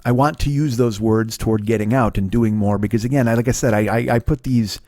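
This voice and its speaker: A man's voice: lowish voice, steady tone, a little fast, dark tone, dry recording, studio quality. A middle-aged man hosting a podcast, telling a rambling, profane, self-deprecating story with many restarts. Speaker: podcast host. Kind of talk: casual storytelling monologue.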